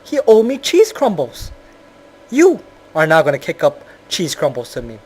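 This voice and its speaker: A man's voice: a little high, huge pitch swings, moderate pace, slightly rough, full character voice. A man voicing a smug male cheese slice crime boss demanding payment.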